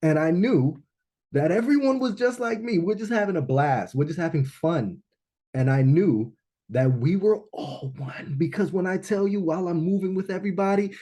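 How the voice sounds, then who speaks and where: A man with a warm, mellow voice tells a personal story to a live audience at a launch event. He is animated and often checks in with "right?". He drops into hushed reflection and then rises into excited emphasis. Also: a little high. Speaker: speaker at a business launch event.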